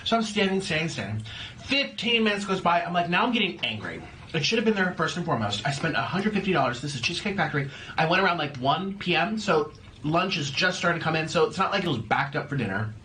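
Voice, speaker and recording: A YouTuber man chatting to camera in a lively, playful way, tossing out silly rhymes and repeating words in a sing-song. His voice sits high and swoops widely as he talks. The tone is bright and forward. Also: fast talker, slight background noise. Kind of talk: casual chat to camera.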